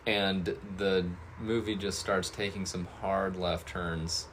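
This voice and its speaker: Deep-voiced guy chatting casually about a film, lots of ums and restarts. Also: steady tone, slow pace, a bit bright, slight background noise. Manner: rambling, hesitant with many fillers and restarts. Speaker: podcast co-host. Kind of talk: casual movie review chat.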